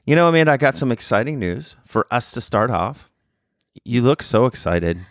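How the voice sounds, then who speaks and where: A man's voice: medium pitch, animated, moderate pace, no room sound, clean studio sound. A man co-hosting a podcast in casual, teasing banter. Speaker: podcast co-host. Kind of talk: casual chat.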